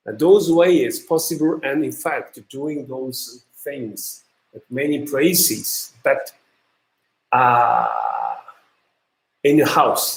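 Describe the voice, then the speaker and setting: A man with a Japanese accent lectures at a slow, measured pace, often pausing on fillers and restarting his sentences. His voice sits at an ordinary middle pitch. The recording carries a noticeable room echo. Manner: halting, many fillers and restarts. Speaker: university lecturer. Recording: echoey room.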